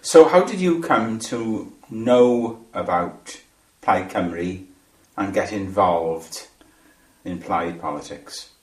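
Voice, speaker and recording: Male interviewer, fairly low voice, friendly prompting questions, echoey room. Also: expressive, takes it slowly, a little mellow. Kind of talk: oral history interview. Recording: roomy sound.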